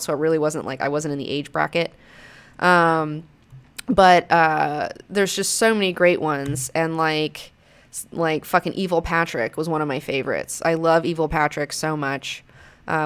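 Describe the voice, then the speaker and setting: A woman in her thirties hosting a show, chatting casually in a rambling, profane way, now and then slipping into mocking high-pitched quotes. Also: fairly bright tone, smooth. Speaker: show host. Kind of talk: casual chat.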